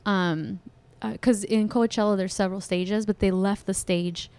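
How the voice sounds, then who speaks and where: A woman's voice: mid-range voice, fairly even intonation, moderate pace, a little mellow, clear, resonant tone, no echo. A woman hosting a podcast, chatting casually and recalling past concerts with a self-teasing manner. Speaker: podcast host. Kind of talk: casual chat.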